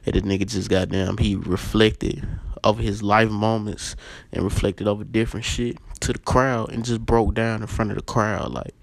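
Gravelly low-voiced man ranting on a podcast. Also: steady tone, normal speed, no echo. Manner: blunt, profane and emphatic, with repeated phrases; earnest tribute, lecturing listeners directly. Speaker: podcast host. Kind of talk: casual podcast monologue.

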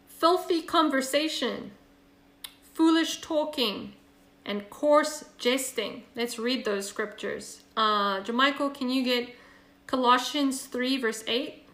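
A woman's voice: high-pitched, slow pace, long pauses, pushed and bright, reverberant. A woman leading a Bible study over a video call, chatty and earnest, with many fillers and restarts. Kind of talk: casual online Bible study teaching.

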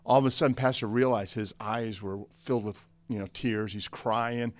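A low-voiced man from the Chicago area, speaking as a pastor on a church conference panel. He tells stories at an easy pace and drops in joking asides. The sound is close and dry, with no room echo. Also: moderate pace, hardly any pauses. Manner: relaxed storyteller, joking asides.

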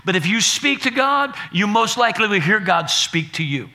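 A man pastor preaching a sermon, building to shouted, repetitive declarations. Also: sits high, lively intonation, measured pace, hardly any pauses.

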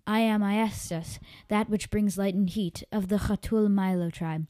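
A woman's voice: mid-range voice, steady tone, unhurried, dark tone, no room sound, lightly acted. A woman voicing a young desert tribe girl with earnest, formal speech. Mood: proud.

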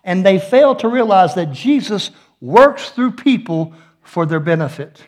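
Middle-aged pastor, high voice, folksy sermon with jokes. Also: male voice, expressive, a little slow, a little mellow. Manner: folksy, joking storyteller with playful asides.

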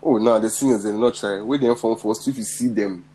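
A young man, telling school stories in an animated casual chat among friends. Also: on the low side, a little fast, breathy edge, rough recording. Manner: animated storytelling in pidgin-laced slang.

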